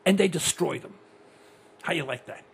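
Excitable older talk radio host, gravelly. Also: male voice, fairly high pitch, normal speed, a little hiss or hum. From United States. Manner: ranting, excitable, blunt.

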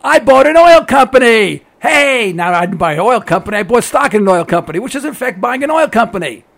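A man's voice: very high voice, lively intonation, fairly quick, gravelly, fairly bright tone. A man delivering an opinionated monologue as a commentator, emphatic and sarcastic, hammering his points home by repeating them. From United States. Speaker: political commentator. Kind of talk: opinionated radio-style monologue.

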